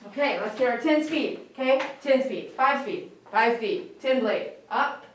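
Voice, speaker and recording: Soft-spoken woman coaxing a dog. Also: fairly high pitch, lively intonation, measured pace. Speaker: dog groomer. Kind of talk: live-streamed grooming session. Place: grooming room. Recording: roomy sound from a distance over faint noise.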